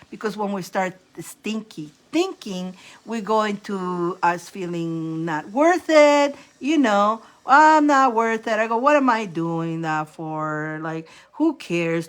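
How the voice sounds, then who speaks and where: Rambling, animated woman giving a spiritual pep talk. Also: mid-range voice. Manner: rambling, animated, laughing at herself; restarts and repeats phrases often. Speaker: spiritual coach and reader.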